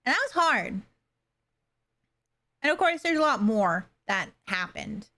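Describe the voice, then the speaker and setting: A young adult woman chatting casually with her livestream viewers, halting and soft-spoken, with many fillers and pauses. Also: on the high side, sing-song. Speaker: streamer.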